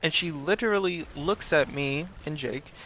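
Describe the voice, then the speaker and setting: A man's voice: a little high, moderate pace, sharp tone, slight background noise. A man telling a rambling, profane story in a casual way, with lots of fillers. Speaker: streamer.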